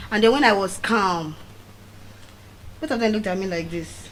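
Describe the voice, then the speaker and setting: A middle-aged woman with a Nigerian accent, giving a motivational speech as animated storytelling and repeating key phrases for emphasis. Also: medium pitch, normal speed, long pauses, a little hiss or hum, low-quality recording. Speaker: motivational speaker. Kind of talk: public speech.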